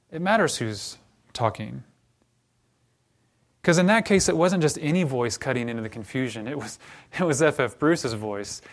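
A man preaching a sermon as a pastor, telling a story and then quietly leading a closing prayer. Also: medium pitch.

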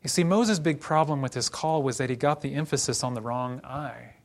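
A man's voice: medium pitch, brisk. A man from Oklahoma preaching a sermon in a conversational, teaching way with joking asides.

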